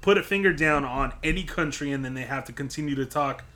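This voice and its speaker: A man's voice: fairly high pitch, quick pace, bright, forceful tone. Laid-back Southern California surfer-accented man. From Los Angeles South Bay. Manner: laid-back, rambling, swears freely. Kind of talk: casual chat.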